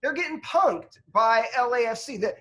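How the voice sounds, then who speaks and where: A man co-hosting a casual sports podcast, talking in halting bursts full of restarts and asides. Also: very high-pitched, lively intonation, a bit bright, slight background noise. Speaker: podcast co-host.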